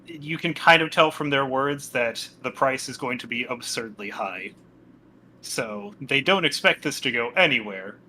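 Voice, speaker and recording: A man acting as game master in a tabletop game. His voice is bright and forward, with faint ambient noise behind it. He gives short, matter-of-fact rulings. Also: medium pitch, expressive, measured pace.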